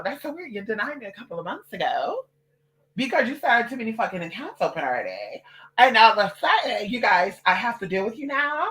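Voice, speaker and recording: An adult vlogger ranting to camera, loud and profane, swearing constantly and slipping into mocking voices for other people. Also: mid-range voice, very animated, fairly quick. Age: adult, parent of a toddler.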